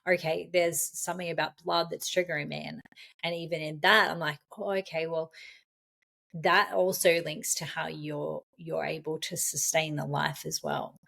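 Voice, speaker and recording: Low-voiced, affirming woman guest. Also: level tone, moderate pace, gravelly, fairly bright tone. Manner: encouraging, affirming, laughs often. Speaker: podcast guest, fertility coach. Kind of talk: casual conversation.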